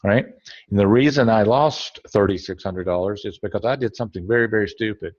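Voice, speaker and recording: A lower-voiced man walks through his trading charts in a webinar lesson, thinking aloud and often correcting himself. The audio is muffled and lo-fi. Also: fast, darkish tone. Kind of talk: screen-share trading tutorial.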